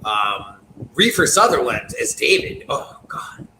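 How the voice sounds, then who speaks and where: A man's voice: mid-range voice, sing-song, measured pace, sharp tone. A man co-hosting a casual horror podcast, talking loosely and rambling, with frequent swearing. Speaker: podcast co-host. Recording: echoey room with background noise.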